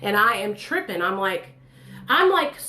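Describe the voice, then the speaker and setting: A woman's voice: medium pitch, a little slow. A woman in her thirties telling her own story in casual, blunt, profane speech, acting out the voices of others. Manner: blunt, profane, animated, acts out quoted voices.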